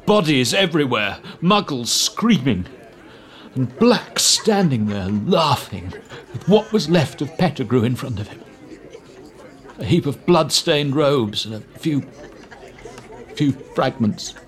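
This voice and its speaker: An actor playing a fussy, self-important middle-aged government minister recounting events earnestly. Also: male voice, medium pitch, sing-song, slow pace, pauses often, a faint crowd. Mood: grave.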